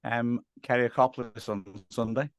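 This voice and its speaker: A man's voice: mid-range voice, fairly even intonation, normal speed, dry recording. A man who commentates on football, telling self-deprecating stories in a casual podcast chat and laughing often. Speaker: English teacher.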